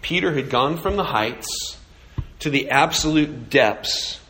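A man's voice: mid-range voice, lively intonation, takes it slowly, pushed and bright, slight background noise. A man preaching a sermon, telling a story with animation and asking rhetorical questions. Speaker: pastor.

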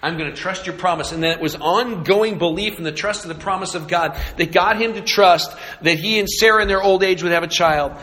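A man's voice: sits high, fairly quick, few pauses, pushed and bright. A man preaching a sermon in an earnest way, building intensity on key points and turning to prayer. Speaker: pastor.

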